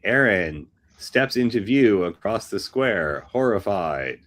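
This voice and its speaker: A man hosting a script workshop reads stage directions aloud and drops dry, wry asides. His voice is very low. He talks at an unhurried, slow pace. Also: animated, a bit bright. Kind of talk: reading scripts aloud with commentary.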